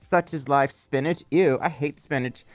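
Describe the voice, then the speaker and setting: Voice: mid-range voice, moderate pace, a little mellow, no echo, faint music behind. A streamer from Mississippi, rambling in casual livestream chat and still coughing from being ill. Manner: rambling, playful, teasing. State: lingering cough.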